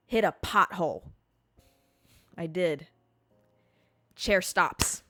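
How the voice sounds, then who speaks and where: Bright, animated woman telling a story. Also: medium pitch, dry recording, soft background music. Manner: animated, swearing, dramatic pauses. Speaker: podcast host. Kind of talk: casual storytelling.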